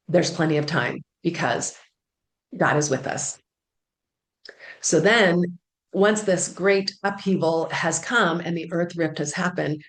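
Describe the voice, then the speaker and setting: A woman with a fairly low voice talks through a channeled spiritual message. She speaks in an earnest, soft way, repeating phrases and pausing on fillers. The room around her sounds echoey. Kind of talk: casual spiritual talk relaying channeled messages.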